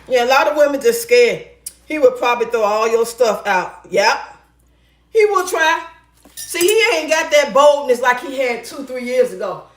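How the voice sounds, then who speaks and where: Loud, blunt, high-voiced woman. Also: animated, normal speed, roomy sound. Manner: loud, blunt and profane, with bursts of laughter. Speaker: relationship advice vlogger. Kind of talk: casual storytelling chat.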